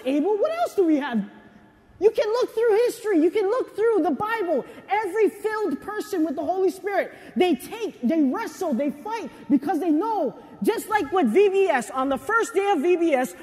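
A young adult man preaching a sermon in a casual, confessional way, with animated asides and personal stories. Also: very high-pitched, normal speed. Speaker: pastor. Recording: long hall reverb.

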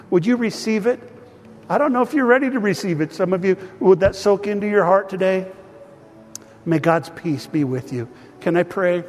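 A man's voice: sits high, darkish tone. A man preaching and praying as pastor, earnest and still emotional, speaking of grief and peace. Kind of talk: sermon with prayer. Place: church hall. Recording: long hall reverb.

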